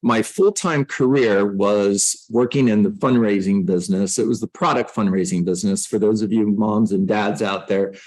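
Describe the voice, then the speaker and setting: A man's voice: fairly low pitch, moderate pace, few pauses, a little mellow, rough recording. A middle-aged man coaching real estate agents, teaching a class on a book in a conversational way, with self-mocking jokes.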